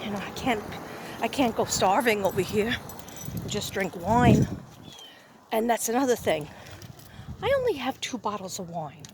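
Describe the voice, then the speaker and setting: A woman's voice: medium pitch, sing-song, normal speed, pauses often. A middle-aged woman vlogging from her car, rambling in a scattered, self-mocking way. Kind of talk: rambling casual vlog chat. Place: inside a parked or moving car. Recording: car noise behind the voice.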